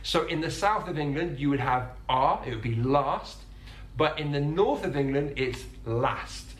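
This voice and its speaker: A man's voice: on the high side, animated. Man, pronunciation teacher; explanatory narration, careful sound demos, roomy recording. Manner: demonstrates sounds slowly and carefully. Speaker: English accent teacher.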